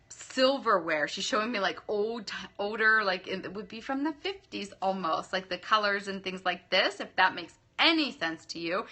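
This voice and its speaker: A woman with a bright, forward voice reads for her live-stream viewers as a psychic medium. She is effusive, laughs often and calls people darling and love. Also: medium pitch. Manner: laughs often between readings.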